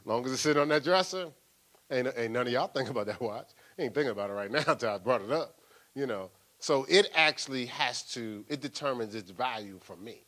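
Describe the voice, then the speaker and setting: An older man, a pastor, preaching a sermon in a lively, playful way with laughter and acted-out asides. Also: mid-range voice, moderate pace.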